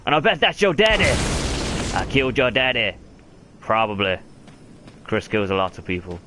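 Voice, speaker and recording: A man's voice: on the low side, big pitch swings, moderate pace, background noise. A man streaming a video game, talking over it with crude, mocking banter. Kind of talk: profane gameplay commentary.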